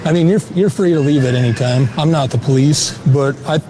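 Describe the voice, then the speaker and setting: A man confronting someone face to face inside a mall. He talks calmly and coaxingly, repeating that no one means harm, and his voice sits slightly high. Clear mall noise runs under his body-mic recording. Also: fairly quick. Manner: calm, coaxing, repeats reassurances. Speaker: confronter for a vigilante group. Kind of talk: on-the-street confrontation. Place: indoors at a shopping mall. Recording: clip with clear background noise.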